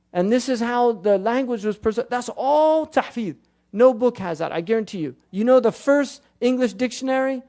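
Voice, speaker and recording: Religious lecturer, high male voice, quick rhetorical questions, arabic terms sprinkled in. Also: darkish tone. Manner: questions the audience rapidly, quotes classical sources; mixes Arabic terms into his speech. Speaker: Islamic scholar and lecturer.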